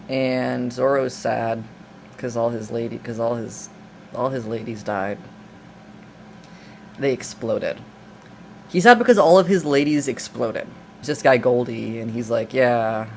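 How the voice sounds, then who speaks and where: A man's voice: medium pitch, gravelly, a little hiss or hum. A man recapping a film in a casual, rambling, jokey way, full of restarts and asides. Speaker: video essayist.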